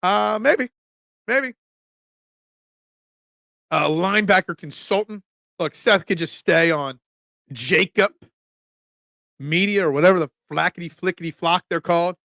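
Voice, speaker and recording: A middle-aged man hosts a casual sports talk live stream, reading viewer comments, joking in asides, and chatting with fillers and restarts. His high voice is pushed and bright with vocal fry, unhurried and full of pauses. The sound is studio quality with no echo.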